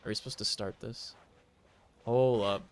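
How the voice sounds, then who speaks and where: A man's voice: lowish voice, fairly even intonation. A man streaming a video game, commenting casually with joking, profane asides. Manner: joking, profane, slow and drawn out.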